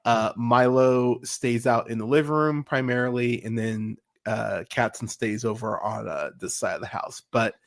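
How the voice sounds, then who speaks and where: A young man from the US hosts a casual podcast livestream, talking at an ordinary mid pitch. He rambles through his points, leans on fillers and swears freely. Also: moderate pace, vocal fry, few pauses. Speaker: podcast host.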